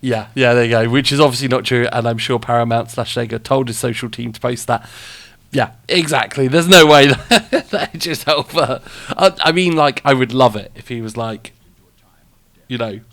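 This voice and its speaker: A man's voice: mid-range voice, moderate pace, fairly bright tone, dry recording. A man hosting a live show in a rambling, chatty way, laughing often as he reacts to what he sees and reads out. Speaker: radio show host and streamer. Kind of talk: casual live-stream chat.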